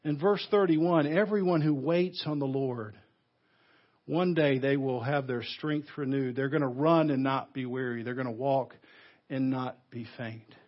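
A man preaching a sermon, leaning hard on key words and then dropping to a hush, with a Southern US accent. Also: mid-range voice, lo-fi sound. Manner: emphatic preaching, swinging between loud stresses and hushed, slow phrases. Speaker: pastor. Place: church sanctuary.

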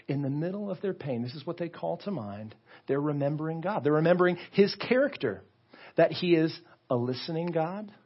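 A man's voice: fairly high pitch, slightly rough, dull audio. A male pastor preaching a sermon in an earnest, conversational way, often repeating his words. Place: church sanctuary.

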